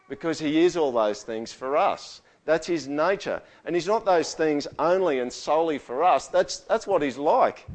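A man delivers a sermon from the pulpit at a middling pitch. He keeps dropping his voice to a hush before surging into loud, booming quotes. He checks in with the congregation for agreement as he goes. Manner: preaches with big swings, booming quotes then dropping to near-whispers. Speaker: pastor. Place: church hall with live sound. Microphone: stage microphone through a sound system.

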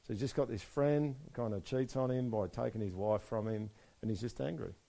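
A man preaching a sermon, moving between soft, quiet stretches and loud, emphatic passages. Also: mid-range voice, brisk, creaky. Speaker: pastor.

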